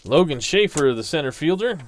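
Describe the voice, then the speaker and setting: A man calling play-by-play for a tabletop baseball simulation, slowly reading out dice rolls and player stats. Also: on the high side, big pitch swings. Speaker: league commissioner calling a tabletop baseball sim. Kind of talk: play-by-play commentary.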